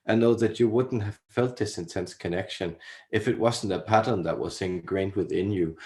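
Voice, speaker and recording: A man channeling a wise, fatherly alien entity, speaking slowly with many pauses in a put-on, vaguely Irish-sounding accent. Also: fairly low pitch, a little mellow, natural voice. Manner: fatherly and soothing; slow, pausing, many "well"s. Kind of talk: channeled spiritual message.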